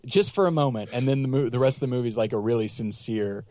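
A man's voice: mid-range voice, quick pace, warm tone, no room sound, clean studio sound. A man chatting casually about films, rambling and correcting himself, with joking asides. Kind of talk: casual film chat.

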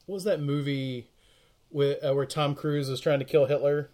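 A man's voice: fairly high pitch, steady tone, normal speed, darkish tone. A man joining a casual film chat, eager and laughing often.

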